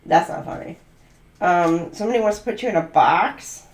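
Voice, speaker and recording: A woman's voice: on the low side, lively intonation, normal speed, reverberant. A woman doing a channeled tarot reading, musing aloud and free-associating letters, numbers and words. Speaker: tarot reader.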